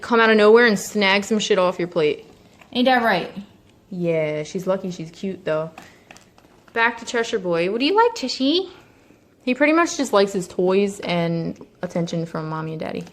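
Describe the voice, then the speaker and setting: A young woman casually introducing her pet cats at home, chatty, sometimes slipping into high baby talk for them. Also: moderate pace. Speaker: vlogger. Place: home, indoors.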